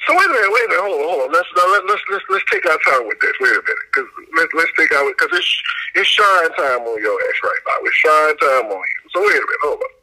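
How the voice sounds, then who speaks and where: A man's voice: on the high side, huge pitch swings, fast talker, sharp tone, low-quality recording. A man guesting on a podcast, joking animatedly in casual chat and repeating himself as he builds up a point.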